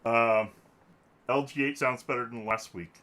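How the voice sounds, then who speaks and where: A man's voice: mid-range voice, steady tone, a little slow, bright, forceful tone. A man hosting a casual podcast, joking and rambling, laughing often, talking into a desk microphone. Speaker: podcast host.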